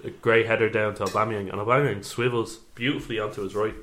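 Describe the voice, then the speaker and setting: A man co-hosting a football podcast, giving measured, analytical match talk. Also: on the low side, steady tone, fairly bright tone. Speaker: podcast co-host. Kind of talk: casual football chat.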